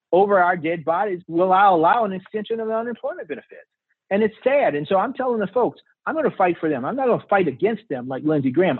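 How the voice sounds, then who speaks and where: Guy, candidate, earnest and folksy, kinda husky high voice, tinny phone-ish line. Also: no room sound. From South Carolina. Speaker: political candidate, guest. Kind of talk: remote interview.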